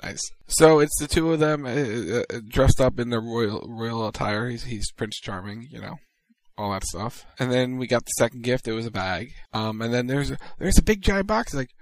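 A man's voice: mid-range voice, expressive, normal speed, dry recording. A man co-hosting a casual wrestling podcast, recapping the show with enthusiastic storytelling. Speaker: podcast co-host.

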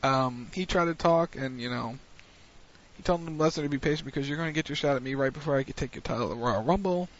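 Talking quickly in a medium-pitched voice, a man hosts a wrestling recap show on internet radio. He chats and rambles casually with plenty of fillers, and the radio stream sounds muffled and lo-fi.

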